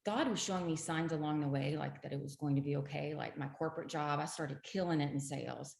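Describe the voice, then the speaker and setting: A woman's voice: deep voice, a little fast, gravelly, crowd noise. A middle-aged woman, a guest in an interview, telling her own story earnestly and with emphasis. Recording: roomy echo.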